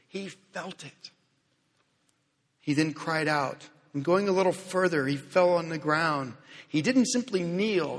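A man preaching a sermon in earnest, swinging from loud emphasis to hushed, slow phrases. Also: sits high, breathy edge. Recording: long hall reverb.

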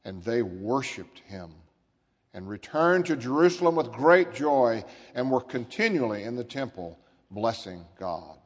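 A man reads scripture aloud in a measured, solemn voice at a very slow, deliberate pace. His pitch sits in the middle range. The long echo of a big church trails after each phrase. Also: expressive, slightly rough. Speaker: scripture reader. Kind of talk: formal scripture reading. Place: large church sanctuary. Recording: long reverb of a large church.

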